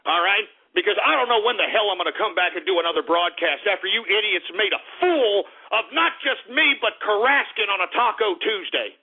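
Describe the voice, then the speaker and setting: A man's voice: sits high, expressive, brisk, few pauses, slightly rough. A male internet radio host ranting in anger, swearing and stammering at his listeners. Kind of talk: angry on-air rant. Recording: tinny phone-line call-in audio.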